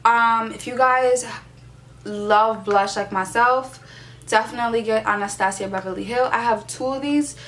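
A woman's voice: a little high, normal speed, a bit bright. A young woman doing a casual makeup tutorial, sassy and playfully profane, hyping herself up as she works. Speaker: beauty vlogger.

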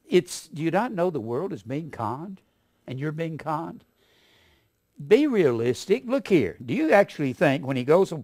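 A man preaching a sermon in a folksy, animated way, swinging from loud emphasis to quiet asides. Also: medium pitch, no echo, studio quality.

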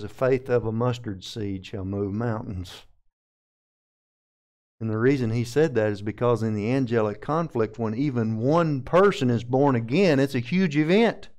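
A man's voice: lowish voice, a little mellow. A man with a Southern American accent, teaching a sermon verse by verse and methodically explaining Greek grammar term by term. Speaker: pastor.

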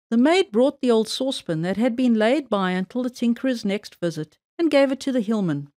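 Higher-voiced woman reading a fairy tale. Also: lively intonation, a little fast, hardly any pauses, a little mellow, no echo, clean studio sound. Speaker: storyteller. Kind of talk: children's read-aloud story.

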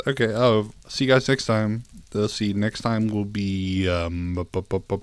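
A man's voice: fairly low pitch, moderate pace, few pauses, no echo. A young man commenting on his own gameplay, laughing often, swearing and pleading with the game. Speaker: gaming YouTuber. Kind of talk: let's play commentary.

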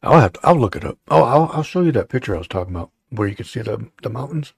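Gravelly man hosting a casual live show. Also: medium pitch, sing-song, very fast, a little mellow, no echo. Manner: rambling, joking, many fillers. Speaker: show host. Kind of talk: casual livestream chat.

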